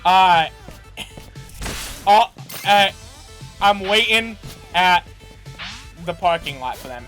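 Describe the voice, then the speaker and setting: A man co-hosting a podcast, telling a long anecdote in a rambling, animated way with many restarts. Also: sits high, extremely slow, pauses often, faint music behind. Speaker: podcast co-host. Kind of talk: casual storytelling chat.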